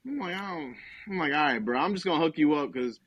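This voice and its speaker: A young man from New Jersey spins a rambling, profane comic story on a podcast, acting out every line of dialogue. His voice sits a little high. The sound is dry and close, with no room around it. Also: fast, no room sound, muffled recording. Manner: profane, rambling, animated retelling with quoted dialogue. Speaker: podcast co-host telling a story. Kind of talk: casual comedic storytelling.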